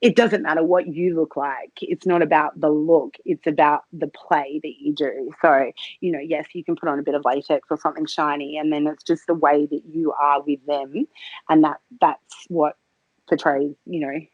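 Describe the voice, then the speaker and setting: A woman's voice: low-pitched, fairly even intonation, normal speed, no room sound, muffled recording. A woman being interviewed as a podcast guest, chatting casually, giggling often and hesitating with many fillers. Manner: giggly, laughs often mid-sentence. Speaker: podcast guest, cam model.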